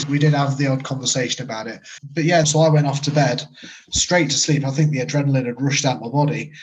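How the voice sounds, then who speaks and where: A man's voice: on the high side, low-quality recording. A man, a medium and paranormal investigator, telling his story in a casual, rambling way during an interview. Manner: casual, rambling, full of "sort of" and "like".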